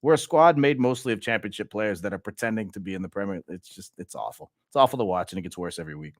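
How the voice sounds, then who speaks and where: A man's voice: on the low side, fast talker, no room sound, clean studio sound. A young man from Louisiana hosting a fan channel, venting in an exasperated, repetitive way about his football team. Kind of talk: frustrated football fan monologue.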